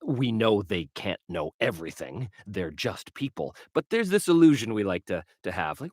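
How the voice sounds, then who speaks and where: A man's voice: on the low side, huge pitch swings, moderate pace, breathy edge, no echo, clean studio sound. A man hosting a casual livestream, chatting and answering viewer questions with lots of fillers. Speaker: livestream host and game master. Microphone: webcam livestream setup.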